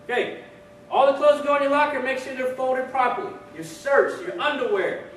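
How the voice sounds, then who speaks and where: A man acting out a strict male drill sergeant who shouts clipped orders, in an echoey hall. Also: very high voice, moderate pace, voice pushed up. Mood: barking. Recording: echoey hall, distant mic, background noise.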